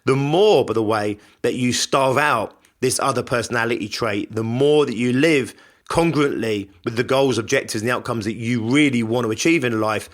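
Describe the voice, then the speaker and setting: A man's voice: medium pitch, a bit bright. A man hosting a podcast, delivering a conversational, reflective self-help monologue and repeating phrases for emphasis. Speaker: podcast host.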